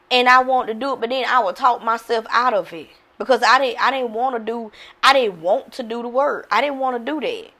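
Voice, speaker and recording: Frank, higher-voiced woman coach. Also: moderate pace, sharp tone. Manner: frank and repetitive, often calling out to listeners. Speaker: mindset coach. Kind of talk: candid motivational talk.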